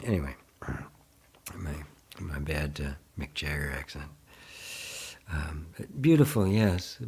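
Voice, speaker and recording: Husky-voiced man giving gentle spiritual teaching. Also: a bass voice, lively intonation. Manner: gentle, unhurried, laughs often between thoughts; answers viewer comments aloud. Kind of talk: live online satsang teaching.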